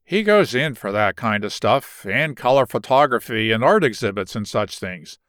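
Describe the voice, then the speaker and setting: A man reading the part of a boastful, blunt boxing manager, dropping his voice lower for him. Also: expressive, normal speed, a bit bright, clear, resonant tone, dry recording, clean studio sound, lightly acted.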